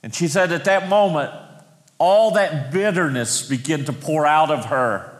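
High-voiced male preacher in echoey church. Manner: storytelling, slows for emphasis. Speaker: pastor. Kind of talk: sermon. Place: church sanctuary.

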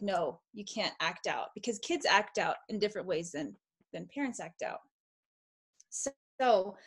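Bright enthusiastic woman from the United States. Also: on the high side. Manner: enthusiastic, warm-hearted, speaks directly to kids. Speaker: guest, mom and teacher. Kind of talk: casual interview chat.

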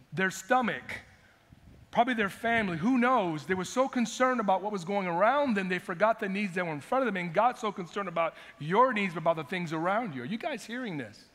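At a moderate pace, a male pastor preaches in a high, expressive, slightly bright voice. Standing in a church sanctuary, he emphatically repeats phrases and calls out "amen," with the sound ringing in a long hall reverb.

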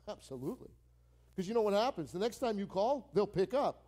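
In what sounds like a church service, a male pastor with a fairly high voice for a man delivers a lively, brisk sermon. He is animated, repeating key phrases to drive his points home, and slips into playful voices when acting out phone calls.

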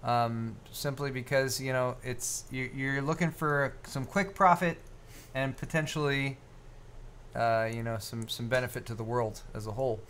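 A man's voice: medium pitch, steady tone, normal speed, fairly bright tone. A man co-hosts a live tech show, rambling jokily through his points with plenty of ums and restarts. His voice sits in a middle range, and a faint noise hums underneath. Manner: rambling and jokey, with many fillers and restarts. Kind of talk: casual live-stream banter.

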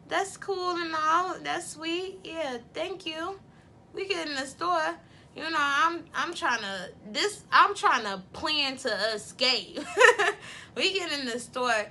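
Blunt, bright-voiced young woman vlogger. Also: on the high side, a little hiss or hum. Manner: blunt, profane and candid, often laughing. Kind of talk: casual storytime vlog.

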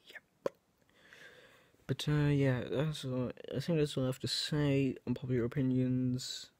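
A man's voice: medium pitch, level tone, unhurried, a little mellow, no echo. A young man chatting casually to his viewers, rambling and hesitant, often restarting his sentences and poking fun at himself. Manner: self-mocking. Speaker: vlogger. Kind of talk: casual chat to camera.

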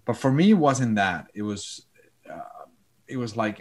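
A man talking as a podcast guest, earnest and warm in content, often repeating and restarting his phrases. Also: fairly low pitch, big pitch swings, unhurried. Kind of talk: casual chat.

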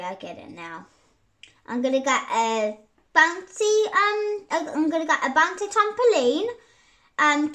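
A young girl chatting through her gameplay, giggly and quick to say sorry. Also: sits high, a bit bright. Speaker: gaming YouTuber. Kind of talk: casual gameplay commentary.

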